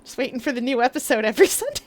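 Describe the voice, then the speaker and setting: A woman's voice: high voice, sing-song, racing, slight background noise. A young woman from the Maritimes, chatting casually on a live stream, giggling often and rambling through asides. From Canadian Maritimes. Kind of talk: casual live-stream chat while gaming.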